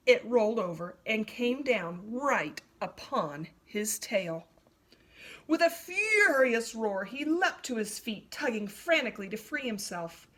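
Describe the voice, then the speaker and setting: A woman reading a children's story aloud in an expressive, animated way. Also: on the high side.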